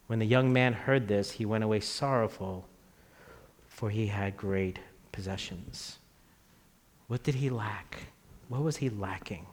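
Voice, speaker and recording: A man in his thirties preaching a sermon in a conversational way, dropping his voice low on key phrases. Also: a little slow. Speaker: pastor. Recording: long reverb of a church hall.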